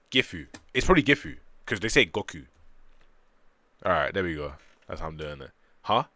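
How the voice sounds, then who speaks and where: A man reading a manga aloud on a stream, joking and chatting between panels with animated bursts. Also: sits low, no echo. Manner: animated, jokey, breaks into loud excited bursts.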